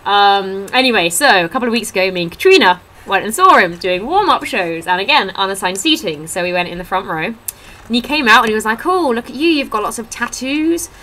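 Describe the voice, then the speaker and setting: Speaking a little fast, this young woman vlogger sounds bright and forceful, her medium-pitched voice full of lively intonation. She sits at a table at home, chatting into her laptop webcam, recounting funny stories and mimicking what others said. The audio is poor.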